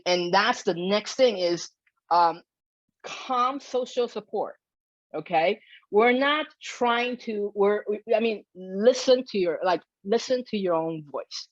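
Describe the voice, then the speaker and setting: Brief: woman behavior consultant, animated explainer, dull and dry video-call sound. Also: medium pitch, no echo. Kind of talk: educational webinar talk.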